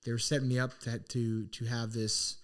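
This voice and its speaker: A man's voice: mid-range voice, flat delivery, moderate pace. A middle-aged man co-hosting a podcast, earnestly telling a personal story in a casual, reflective way, with many restarts. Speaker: podcast co-host.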